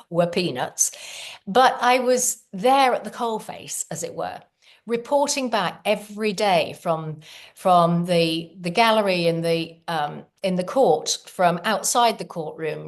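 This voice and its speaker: A middle-aged woman, a podcast guest, telling her story in an earnest, animated way. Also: mid-range voice. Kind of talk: casual storytelling.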